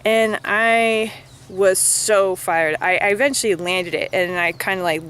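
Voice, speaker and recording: A woman's voice: lowish voice, normal speed, fairly bright tone, clear, resonant tone. A woman vlogging in a casual chat, talking in a chatty, filler-heavy way and venting her frustration.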